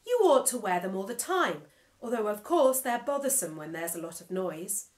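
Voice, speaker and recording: A woman's voice: medium pitch, very animated, normal speed, natural voice. A woman voicing a smug male AI that talks through a big digital mouth, pompous and over-enunciated. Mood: coaxing. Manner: pompous, self-satisfied, enunciating every syllable.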